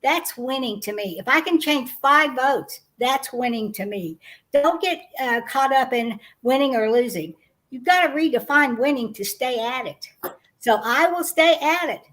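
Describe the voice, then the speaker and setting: A woman's voice: high voice, fairly bright tone. A woman running for Congress, speaking in a plainspoken, determined way on a video call. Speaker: congressional candidate. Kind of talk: earnest political talk.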